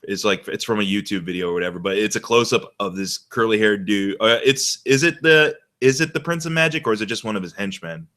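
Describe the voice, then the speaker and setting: A man's voice: on the low side, brisk, few pauses, pushed and bright. A man hosting a casual movie chat, laughing often and talking enthusiastically with lots of "like". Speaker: podcast host.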